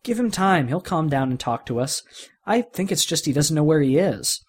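A man voicing a calm male space ranger toy who reasons patiently. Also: fairly high pitch, normal speed, breathy edge.

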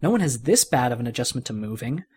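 A man's voice: medium pitch, sing-song, fast talker, darkish tone, breathy edge. Man doing folksy cowboy toy, friendly, leader, drawling.

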